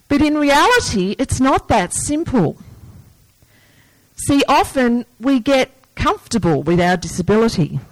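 Slow, earnest woman preacher. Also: fairly high pitch, no room sound, low-quality recording. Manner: earnest, breaks into lively movie-yelling asides. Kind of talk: sermon.

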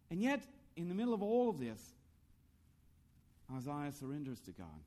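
Earnest, slightly high-voiced male preacher. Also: moderate pace, pauses often. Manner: earnest, lively preaching with rhetorical questions; storytelling about his own youth. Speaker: pastor. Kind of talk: sermon.

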